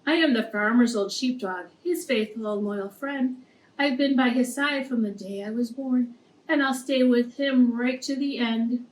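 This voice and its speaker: A woman's voice: fairly high pitch, a little slow, close to an everyday voice. A woman reading the lines of a faithful old male sheepdog. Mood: loyal. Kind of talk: storybook reading. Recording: echoey room, distant mic.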